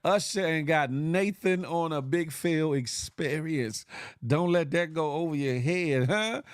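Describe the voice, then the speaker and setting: A man's voice: a little high, unhurried, clean tone, dry recording, studio quality. A male morning show host chatting casually on a livestream, joking in slang and greeting viewers by name.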